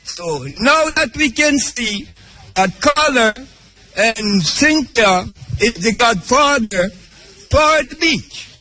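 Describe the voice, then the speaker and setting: An older Jamaican man with a high, bright voice who speaks slowly, stretching out formal greetings to the crowd. Faint music sits behind him. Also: expressive, low-quality recording. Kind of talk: public welcome speech.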